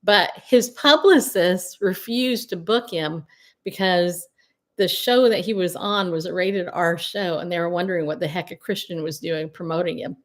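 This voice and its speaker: Middle-aged female host, slightly low voice, chatty and outspoken, livestream storyteller who laughs easily. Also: normal speed. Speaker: Christian media host and coach. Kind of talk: casual solo livestream talk.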